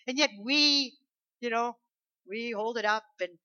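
Bright-voiced woman preaching a sermon. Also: a little high, measured pace, dry recording. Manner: emphatic, conversational preaching with rhetorical questions. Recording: dull lo-fi recording.

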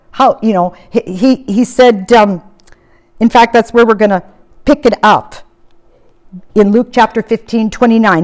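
A woman preaching a sermon, telling a Bible story with animation and acting out the characters. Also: mid-range voice. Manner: animated storytelling, acts out the quotes.

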